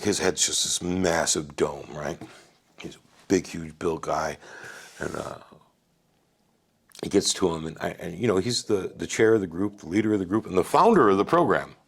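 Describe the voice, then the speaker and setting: On a podcast, a fortysomething guest from Wisconsin recounts his life in a loose, lively, profane way, frequently asking "right?". He has a low voice with a breathy edge.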